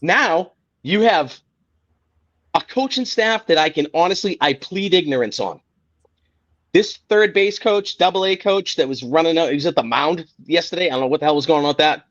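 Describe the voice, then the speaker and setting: A man's voice: fairly high pitch, animated, normal speed. A man hosting a sports podcast, ranting in a heated, profane, exasperated way. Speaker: podcast host. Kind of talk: casual sports rant. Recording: dull lo-fi podcast audio.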